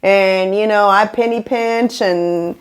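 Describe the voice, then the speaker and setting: A woman's voice: mid-range voice, slow, clear, resonant tone. Woman podcast host, casual storyteller who keeps slipping into voices. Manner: animated, acts out quoted people.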